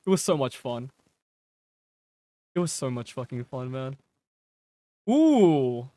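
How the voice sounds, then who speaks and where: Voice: medium pitch, big pitch swings, slow pace, dark tone, dry recording. Laid-back northern English streamer. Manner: laid-back, muttering, swears freely. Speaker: game streamer. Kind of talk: casual gameplay commentary.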